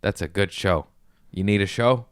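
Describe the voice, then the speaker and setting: A man's voice: low voice, moderate pace, clear, resonant tone, dry recording, clean studio sound. A young man hosting a podcast, chatting in a rambling, self-mocking, giggly way. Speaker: comedian podcast host. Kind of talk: casual comedic chat.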